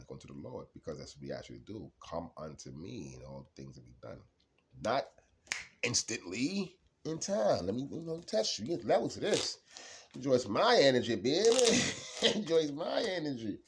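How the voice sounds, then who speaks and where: A man with a lowish voice that leaps all over the place rambles through a casual tarot card reading. He laughs often and drifts between quiet mumbles and sudden loud outbursts. A faint hiss sits under the recording. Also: creaky.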